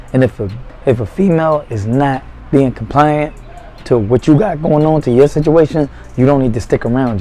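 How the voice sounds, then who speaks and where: Blunt profane man with a mellow voice. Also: mid-range voice, rough recording. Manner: blunt, profane, streetwise slang. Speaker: vlogger giving dating advice. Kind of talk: casual monologue to camera.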